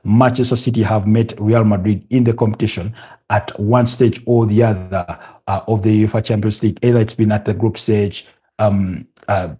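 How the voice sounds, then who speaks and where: This slightly rough, lowish male voice at a moderate pace belongs to a young Ugandan English speaker running a live football watch-along. He mixes match commentary with viewer chat, restarting and filling often, and gets more excited when goals come.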